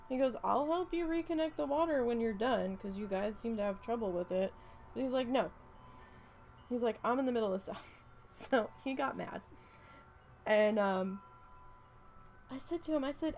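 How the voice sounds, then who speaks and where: Gravelly, rambling, swearing woman. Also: on the high side, expressive, moderate pace, long pauses, soft background music. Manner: rambling storytelling, swears freely. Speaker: craft vlogger. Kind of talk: casual chat while crafting.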